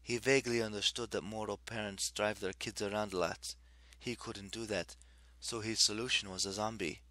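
A man's voice: on the low side, steady tone, normal speed, pushed and bright. A man reading a brooding teenage boy. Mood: wry. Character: brooding teenage boy, son of the underworld god.

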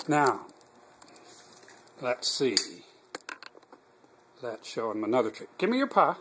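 A man talks to his dog at home in a slow, drawn-out way. His pitch leaps and swoops as he coaxes and praises the pet in a sing-song voice. A faint hiss sits under the home recording. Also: big pitch swings. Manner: warm, earnest prayer at the end. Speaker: dog owner. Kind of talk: home video talking to a pet. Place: home living room with a couch. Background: dog in the room.

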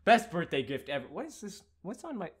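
A teenage boy ranting excitedly in a home vlog, rambling and giddy, swinging from loud yelps to mumbles, sometimes far from his desk mic. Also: high voice, a little fast, a little hiss or hum. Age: teens. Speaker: gaming YouTuber. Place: home room.

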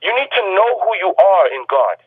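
A man with a high, husky voice delivers a fervent sermon over the telephone. He presses his point again and again, insistent and climbing toward shouts. The tinny phone line thins out his sound. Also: big pitch swings, a little fast, no room sound. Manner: insistent and repetitive, rising to shouts. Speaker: preacher.

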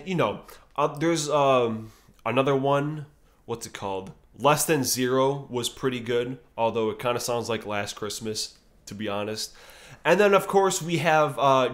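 Slow-talking, profane male music reviewer. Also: medium pitch. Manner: profane, enthusiastic, rambling with many fillers. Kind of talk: casual spoken album ranking.

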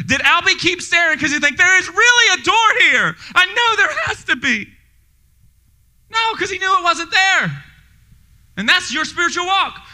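A male pastor preaching a sermon to his congregation in a church, energetic and joking, speaking directly to the people in the room. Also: very high-pitched. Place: church sanctuary before a congregation.

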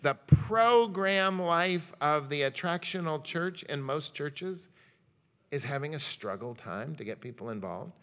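A man's voice: fairly high pitch, lively intonation, a little slow, fairly bright tone. A man speaking as a pastor at a church luncheon lecture, telling folksy stories and acting out quotes as he makes his point. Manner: folksy storytelling with jokes and acted-out quotes. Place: church hall.

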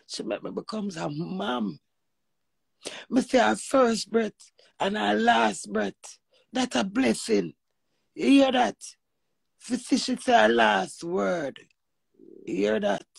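A woman with a Jamaican accent speaks her testimony in a gravelly, husky voice. She preaches with emphasis, mixes patois with blunt swearing and keeps asking her listeners whether they hear her. The sound is dry and close. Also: mid-range voice, measured pace, a little mellow, dry recording. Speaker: vlogger sharing personal testimony. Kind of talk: emotional spoken testimony.

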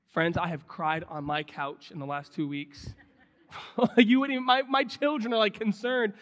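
Animated high-voiced preacher in reverberant sanctuary. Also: male voice, normal speed. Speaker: pastor. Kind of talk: sermon. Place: church sanctuary. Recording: long hall reverb.

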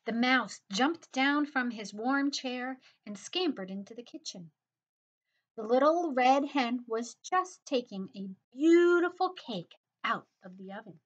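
Slow, expressive woman reading a children's story. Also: sits high. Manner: slow, expressive read-aloud. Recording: dull lo-fi recording.

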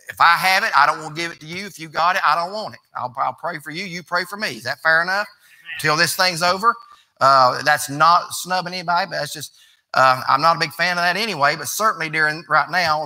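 A man's voice: on the high side, bright, forceful tone. A man, preaching a sermon as pastor in a folksy, conversational way that rises to emphatic preaching.

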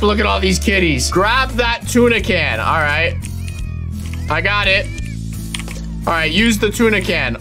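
A young man giving excitable gameplay commentary, full of loud exclamations, yelps and slangy bro-talk. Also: high voice, normal speed, faint music behind. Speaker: gaming YouTuber.

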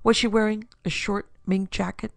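Sly calm bondsman guy read by a woman, bland, gravelly. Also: medium pitch, moderate pace, dry recording, studio quality, voice pushed up, lightly acted.

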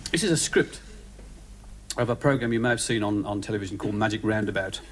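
A man doing stand-up storytelling, excitable, breaking into high put-on voices. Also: quick pace, noisy background. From England. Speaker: stand-up comedian. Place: theatre stage before a live audience. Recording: live TV stand-up, heavy audience laughter. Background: loud audience laughter.

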